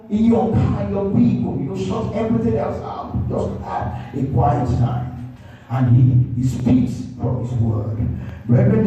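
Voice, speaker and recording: Male pastor, high and very mellow voice, emphatic repeating sermon delivery; booming echoey sanctuary, mic far off. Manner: emphatic, repeats points, calls on the congregation. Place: church sanctuary. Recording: echoey church hall, distant dull mic.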